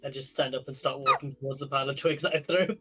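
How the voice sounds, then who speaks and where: A man's voice: mid-range voice, bright, forceful tone, breathy edge, low-quality recording. A man playing a tabletop game, joking and laughing often in casual role-play. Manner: jokey, laughs often, quick asides. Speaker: player.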